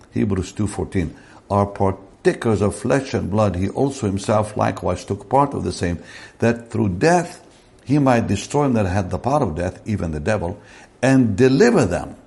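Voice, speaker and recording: A man preaching a sermon slowly and deliberately, rising in pitch to stress key words. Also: expressive, creaky, darkish tone.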